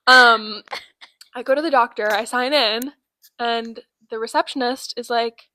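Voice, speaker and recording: A woman's voice: fairly high pitch, a little slow, noisy background. A nineteen-year-old woman co-hosting a podcast, telling funny stories in casual chat and acting out the people she quotes. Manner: animated storyteller acting out quoted voices. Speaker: podcast co-host.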